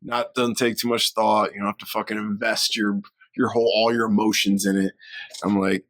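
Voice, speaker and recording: A man's voice: on the low side, flat delivery, moderate pace, fairly bright tone, dry recording, clean studio sound. A man co-hosting a podcast in casual chat, laughing a lot and quoting film lines in put-on voices. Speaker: podcast co-host.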